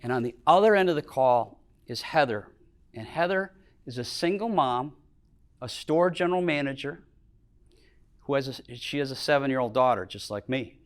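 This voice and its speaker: Middle-aged guy telling earnest stories in a motivational talk, voice goes soft on the sad bits. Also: lively intonation, normal speed. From Minnesota. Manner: earnest storyteller, voice drops low and quiet on emotional moments. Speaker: business owner giving a talk. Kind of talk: motivational storytelling speech. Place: lecture hall with audience.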